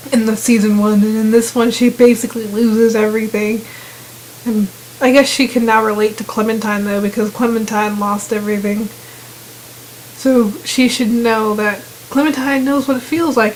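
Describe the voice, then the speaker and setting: A woman casually narrating a video game, retelling scenes and quoting the characters in quick voices. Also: on the high side, a little hiss or hum, low-quality recording. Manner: chatty retelling with quoted voices. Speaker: gamer narrating gameplay. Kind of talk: casual gameplay commentary.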